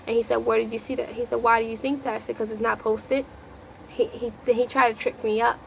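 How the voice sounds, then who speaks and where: A woman with a gravelly voice tells a personal story in a loose, rambling vlog. She repeats herself and breaks off to speak to the Lord. Clear background noise runs under the recording. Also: fairly high pitch, level tone, brisk, low-quality recording. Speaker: vlogger.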